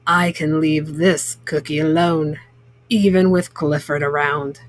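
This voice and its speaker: Woman doing a deep gruff baker man. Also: steady tone, measured pace. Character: proud adult male cookie baker.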